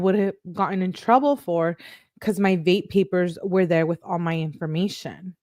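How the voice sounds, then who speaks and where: Female true crime vlogger, lower voice, reads texts fast with sarcastic asides; dry, close sound. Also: a little mellow, no echo. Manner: quick, sarcastic asides between read-out texts. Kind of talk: reading text messages aloud with commentary.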